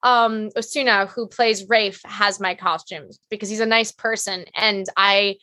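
A woman guest on a podcast, an actress chatting casually in a rambling, animated way with lots of fillers. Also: mid-range voice, unhurried, dry recording. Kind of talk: casual chat.

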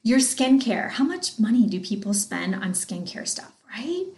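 A woman in her thirties, hosting a podcast and coaching on sales in an excited, chatty way, talking straight to her listeners. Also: a little high, a little slow, echoey room. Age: 30s. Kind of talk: casual motivational talk.

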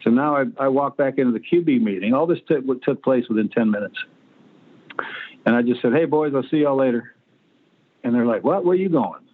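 A man's voice: medium pitch, lively intonation, brisk. Older male guest in his sixties, blunt and salty anecdotes, heard over a thin phone line. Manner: blunt, profane anecdotes with acted-out quotes. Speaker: guest, former pro quarterback. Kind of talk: storytelling interview.

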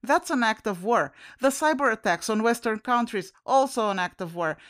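A woman's voice: fairly high pitch, expressive, normal speed, dry recording, studio quality. A woman co-hosting a podcast, talking about politics with passion and strong emotion. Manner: impassioned, emotional. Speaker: podcast co-host. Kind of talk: casual political discussion.

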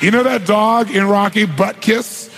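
A middle-aged man, a motivational speaker, telling a story on stage in an animated way, acting out dialogue and asking rhetorical questions. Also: high voice, measured pace, crowd noise, background noise.

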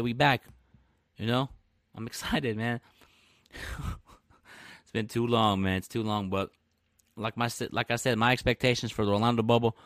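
Dude hosting a casual live stream, loud brash trash talk, laughs a lot, dry close mic, medium pitch. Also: male voice, dry recording. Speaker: podcast host.

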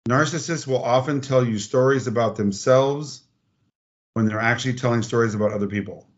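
A man telling personal stories in a casual podcast chat, animated and blunt, acting out quotes and swearing freely. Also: mid-range voice, brisk, dull audio. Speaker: podcast guest.

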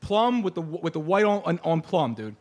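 A man's voice: on the high side, big pitch swings, brisk, a little mellow. A male show host in casual chat, joking and teasing in a boisterous way. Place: studio.

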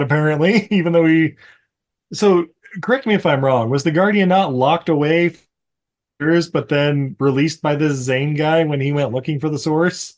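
A man co-hosting a movie podcast, rambling through a plot recap and laughing often. His voice sits a bit higher than most men's. The talk is loose and jokey, full of fillers and restarts. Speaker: podcast co-host. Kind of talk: casual movie-recap chat.

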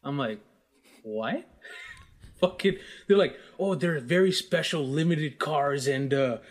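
A man's voice: on the high side, takes it slowly. A man co-hosting a podcast, from the US, telling a casual story full of laughter and swearing. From United States. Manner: laughs often, animated and profane anecdotes. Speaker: podcast co-host.

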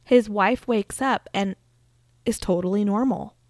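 A woman's voice: medium pitch, a little slow, a little mellow, no echo. Chatty woman telling a true-crime story. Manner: chatty, uses fillers like "like". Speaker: podcast host.

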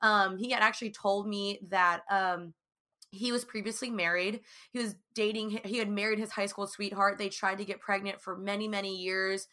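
A woman's voice: mid-range voice, fairly even intonation, moderate pace, pushed and bright. A young woman talking casually and earnestly to viewers about her faith, with many fillers. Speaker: Christian speaker sharing her testimony.

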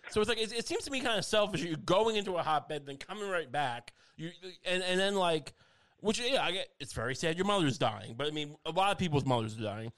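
A man in casual comedic podcast chat, rambling with halting restarts and deadpan mock outrage. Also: fairly high pitch.

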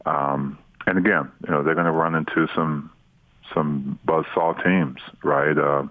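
Guest broadcaster, male, very deep, relaxed and halting, close dry mic. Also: no room sound, phone-quality sound. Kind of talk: casual radio chat.

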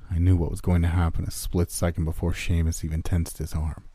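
A man reading a first-person horror story aloud in a low, steady, grim manner. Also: fairly quick, no room sound.

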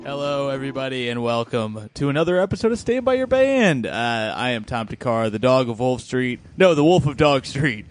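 A man's voice: medium pitch, expressive, moderate pace, few pauses, soft background music. A man hosting a casual comedy podcast, joking and self-mocking with lots of fillers. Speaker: podcast host.

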